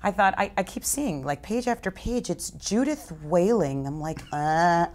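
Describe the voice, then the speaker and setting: An actress in a casual interview, telling a lively anecdote and acting out what others said. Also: female voice, on the low side, normal speed, hardly any pauses. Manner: animated storyteller who acts out quotes with laughs. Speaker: actor interviewed as a guest. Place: festival press interview room.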